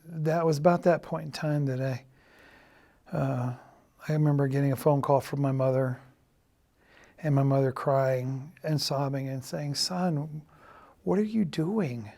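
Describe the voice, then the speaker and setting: A middle-aged man giving a halting, earnest confessional testimony, often dropping to a quiet, subdued tone. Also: mid-range voice, flat delivery. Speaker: church member giving a personal testimony.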